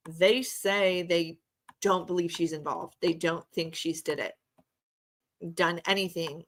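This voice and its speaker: A woman giving casual true crime commentary to her viewers. She talks hesitantly with many filler ums, and her voice is slightly hoarse. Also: on the low side, a bit bright.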